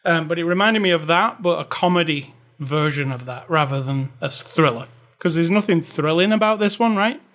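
A man's voice: a little high, brisk, a bit bright. A man co-hosting a casual movie review, rambling and filling his talk with "like" and "you know". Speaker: podcast co-host.

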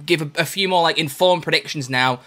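A man's voice: on the high side, brisk, bright, forceful tone. A man hosting a casual podcast, chatting in an upbeat, joking way. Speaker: podcast host.

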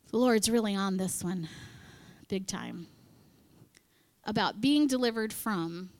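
A woman speaking to a women's church gathering in a chatty, conversational sermon, acting out quoted voices and dropping into whispered asides. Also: on the low side. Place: in front of a live audience.

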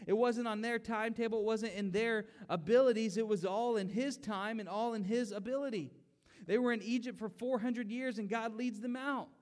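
A man's voice: high-pitched, fairly even intonation, moderate pace, darkish tone. A man preaching a conversational sermon, acting out complaining voices and rising to emphatic pleas.

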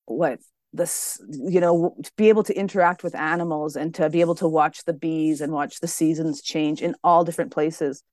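A middle-aged woman speaks as a podcast guest, friendly and earnest, in a slightly low voice. The recording is dry and close. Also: steady tone, normal speed, darkish tone, dry recording. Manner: friendly, laughs easily, earnest. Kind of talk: podcast interview.

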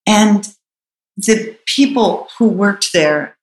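A woman's voice: mid-range voice, very slow, reverberant, poor audio. A middle-aged woman telling a personal story in a reflective, earnest way, with hesitant restarts.

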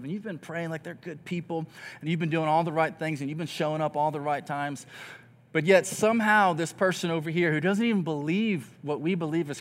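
Earnest and expressive from start to finish, this pastor preaches in a laid-back, conversational manner. His voice is strikingly high, and he borrows the voices of complaining people to illustrate his message.

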